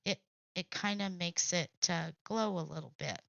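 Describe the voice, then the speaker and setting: A woman's voice: fairly low pitch, normal speed, vocal fry, fairly bright tone, dry recording. A woman hosting a crafting stream, chatting bluntly with salty language and frequent laughs. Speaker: crafting channel host. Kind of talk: casual craft livestream chat. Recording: dull lo-fi sound.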